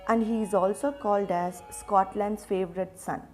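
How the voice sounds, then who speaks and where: A woman's voice: mid-range voice, steady tone, darkish tone, soft background music. A woman teaching a literature lesson, asking questions and answering them herself, often repeating words and restarting phrases. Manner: slow, repeats names and restarts phrases while explaining.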